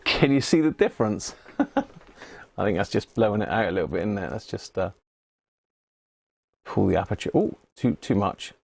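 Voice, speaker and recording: A man's voice: fairly low pitch, very animated, moderate pace, gravelly, pauses often. Chatty southern English man on a livestream. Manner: chatty, chuckles often, answers viewers by name. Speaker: livestream host restoring vintage radios. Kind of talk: casual live-chat commentary. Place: home workshop.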